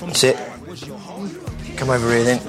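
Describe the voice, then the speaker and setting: A man preaching an energetic sermon in church, calling volunteers up and sometimes breaking into shouts. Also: mid-range voice, normal speed, loud music behind the voice. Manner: energetic, calls out to the crowd, bursts into shouts.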